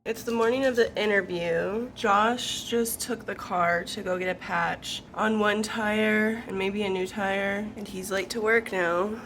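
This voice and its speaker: A woman's voice: mid-range voice, steady tone, unhurried, hardly any pauses, fairly bright tone, faint music behind. A young woman vlogging casually to camera at home, chatty and self-deprecating, nervous before a job interview. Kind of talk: casual vlog chat to camera.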